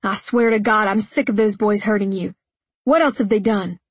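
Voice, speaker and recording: Audiobook role: a woman reading a hot-tempered rancher father, middle-aged man, blunt and fiercely protective; breathy, husky tone, dry close read. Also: medium pitch, moderate pace, no echo, natural voice. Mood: angry. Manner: blunt, threatening when angry, tender with his daughter. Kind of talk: audiobook character voice.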